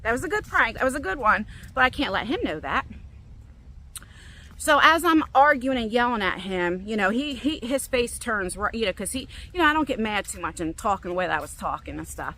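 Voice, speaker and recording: Strolling through a park, a middle-aged woman vlogs a casual story a little fast, recorded on a phone on a selfie stick. She's animated, quoting her own lines with big leaps in pitch.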